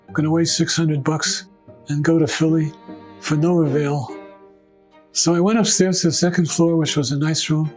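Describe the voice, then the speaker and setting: Older man telling lively anecdotes. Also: on the high side, low-quality recording. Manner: animated anecdotes, acting out quoted voices. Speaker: oral history storyteller. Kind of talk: oral history recollection.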